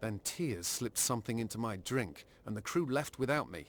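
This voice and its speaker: A man's voice: mid-range voice, expressive, normal speed, natural voice. Guy voicing posh british sellsword in a video game, polished, matter of fact, bouncy intonation. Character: male mercenary warrior, proud and gold-seeking.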